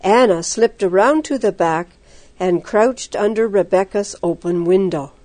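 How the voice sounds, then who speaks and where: A woman reading a story aloud as narrator, steady and expressive. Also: mid-range voice, measured pace, dry recording.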